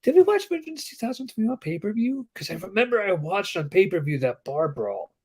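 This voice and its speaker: A man's voice: high-pitched, brisk, breathy edge. A man in his twenties co-hosting a casual wrestling chat, telling stories and acting out quotes. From Denver, Colorado. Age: 20s. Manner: animated storyteller, acts out quotes. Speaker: podcast co-host.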